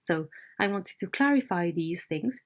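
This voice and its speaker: A woman's voice: on the low side, animated, measured pace. A woman English teacher in a recorded online lesson, explaining words patiently and checking in with her students.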